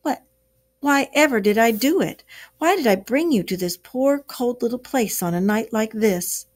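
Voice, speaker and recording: A woman's voice: on the high side, expressive, moderate pace, voice pushed up. A woman voicing a small, fretful male mole who moans and pities himself, in a storybook read-aloud. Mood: dismal. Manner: moaning, self-pitying.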